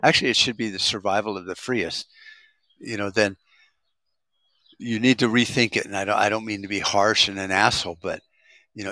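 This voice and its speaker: American prepper guy ranting to camera, forceful and swears a lot, dry sound. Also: on the low side, no echo. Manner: profane, ranting, rambling with restarts. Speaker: prepper vlogger. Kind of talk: rambling monologue.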